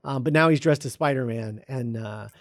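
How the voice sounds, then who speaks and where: A man casually retelling a film script as a podcast host, halting with lots of ums and uhs. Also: mid-range voice, no room sound, studio quality. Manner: halting, full of ums and uhs, reads quoted lines flatly. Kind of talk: casual chat.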